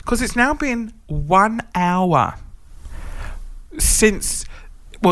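A man's voice: on the high side, no echo. A man tells a long story in a casual, chatty way, swearing freely and playing up the drama. He acts out his own outbursts in a raised voice. The recording is dry and close, with no room sound.

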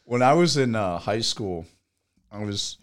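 An easygoing man with a fairly low voice, chatting casually on a podcast. He tells stories about himself with a self-mocking, relaxed touch. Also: measured pace. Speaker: podcast co-host. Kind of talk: casual chat.

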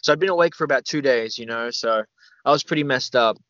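A young Australian man telling a long story as a podcast guest, rambling and animated, full of fillers and the odd swear word. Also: mid-range voice, fast talker, no room sound, muffled recording. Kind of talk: casual storytelling interview.

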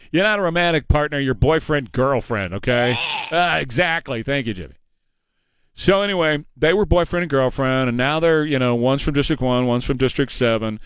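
A man's voice: a little high, a bit bright, clear, resonant tone, dry recording. Guy hosting talk radio, blunt and mocking, dry studio mic. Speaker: radio talk show host. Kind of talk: opinionated talk radio monologue. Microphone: studio microphone.

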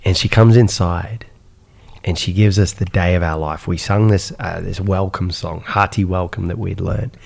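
Iraqi-born man, low gravelly voice, animated guest storyteller. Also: moderate pace. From Iraq. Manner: animated, repeats "right?" and "insane", many fillers. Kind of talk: personal storytelling in conversation.

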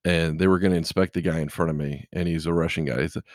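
A man's voice: low-pitched, steady tone, fast talker, hardly any pauses, no echo, studio quality. A middle-aged man, a truck driver, chatting casually and telling rambling stories full of "you know". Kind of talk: casual chat.

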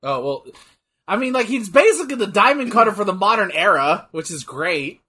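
Brief: joking, excitable young co-host with a lively, bright voice. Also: male voice, high-pitched, fairly quick, breathy edge. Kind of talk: casual wrestling watch-along chat.

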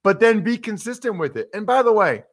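A man co-hosting a sports podcast, talking in an animated, conversational, self-mocking way. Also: high voice, fairly quick. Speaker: podcast co-host. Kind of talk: casual sports talk.

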